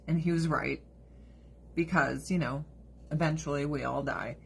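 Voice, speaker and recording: A woman's voice: deep voice, normal speed, gravelly, pauses often, a little hiss or hum. A woman hosting a casual livestream chat and plugging her Avon store, candid and blunt, swearing freely and laughing often. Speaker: livestream host and Avon seller.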